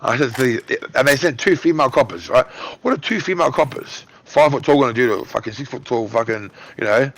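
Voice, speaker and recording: A man in his thirties with an Australian accent, loudly telling a story on voice chat while gaming, swearing heavily. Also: medium pitch, fairly quick, hardly any pauses. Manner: loud, excitable, heavy swearing. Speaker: gamer on voice chat. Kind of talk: casual chat telling a story mid-game.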